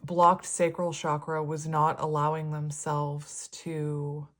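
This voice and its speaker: A woman's voice: deep voice, completely flat delivery, takes it slowly. A woman giving a casual, rambling tarot reading, her words slightly slurred. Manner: rambling, chatty, laughs often. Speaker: tarot reader.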